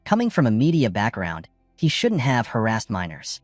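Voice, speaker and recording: A man's voice: moderate pace, dry recording, faint music behind. A man narrating a comic story recap in a scripted way, his voice jumping up for quoted lines. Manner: lively, jumps pitch for quoted lines.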